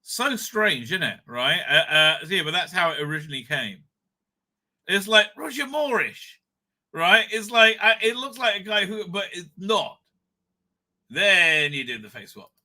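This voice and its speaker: A man hosts a casual live stream in a high, piercingly bright voice. He rambles, swears freely and stumbles over stammered fillers. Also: animated, normal speed.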